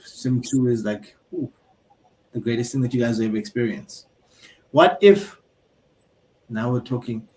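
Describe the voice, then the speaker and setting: A man's voice: mid-range voice, darkish tone. A man hosting a panel discussion, asking playful, probing questions. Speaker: host.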